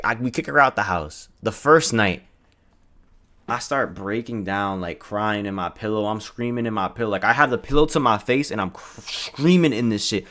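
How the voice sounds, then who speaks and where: A young man casually retelling a personal story in a storytime vlog, animated and profane, full of slang and acted-out quotes. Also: lowish voice.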